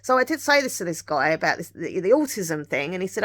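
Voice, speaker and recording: Woman vlogger, lowish voice, rambling candid chat with lots of asides. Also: sing-song, quick pace, hardly any pauses, fairly bright tone. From England. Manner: rambling and confiding, with many restarts and asides. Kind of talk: candid personal chat to camera.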